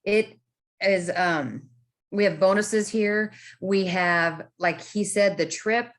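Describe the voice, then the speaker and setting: A woman's voice: medium pitch, slow pace. A woman co-hosting an online business presentation, talking eagerly and enthusiastically. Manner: enthusiastic, eager, apologetic over slips. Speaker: co-host. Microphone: video call.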